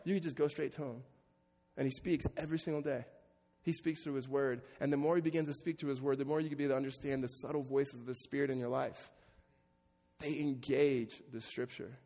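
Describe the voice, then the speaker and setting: A man's voice: mid-range voice, fairly even intonation, brisk, mellow. A middle-aged man preaching a sermon as pastor, conversational and joking with his congregation. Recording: long reverb of a large hall.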